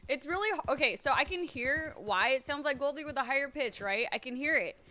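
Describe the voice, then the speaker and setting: A woman's voice: high voice, expressive, a little fast, bright, forceful tone. A young woman streamer with a slight twang, chatting casually, swearing a lot and criticizing herself as she tries out a character voice. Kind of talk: casual chat, trying out a character voice.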